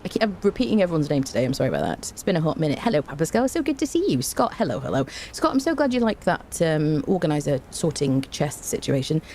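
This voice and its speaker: A woman's voice: low voice, sing-song, fast, few pauses, darkish tone, a little hiss or hum. A woman streaming a game, chatting casually and greeting her viewers by name, laughing often. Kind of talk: casual livestream chat.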